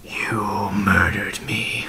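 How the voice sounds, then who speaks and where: A man voicing a vengeful, rotting dead man in a whispered role-play, speaking slowly in a hushed, menacing whisper. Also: fairly low pitch, level tone.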